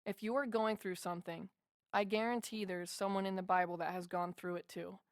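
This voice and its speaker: A woman's voice: mid-range voice, fairly even intonation, a little fast, dry recording, studio quality. A woman narrating a first-person memoir as an audiobook, in an earnest, heartfelt way.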